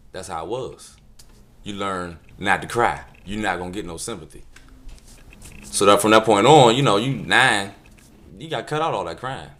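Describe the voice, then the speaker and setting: A man delivering a jokey comedic video monologue, animated storytelling with deadpan asides. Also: on the low side, moderate pace, pauses often. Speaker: comedian vlogger.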